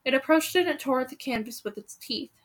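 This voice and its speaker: A woman's voice: sits high, lively intonation, brisk. A woman reading a storybook aloud with dramatic, suspenseful pacing.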